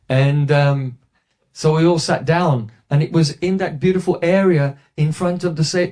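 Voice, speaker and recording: A man giving a devotional talk, telling a story and quoting others in a lowered voice. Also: warm tone. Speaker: spiritual teacher.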